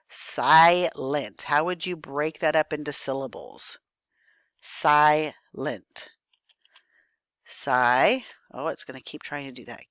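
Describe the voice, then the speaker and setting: A woman's voice: sits low, a bit bright, dry recording, clean studio sound. A woman teacher giving a recorded spelling lesson, thinking aloud patiently and checking in with her students.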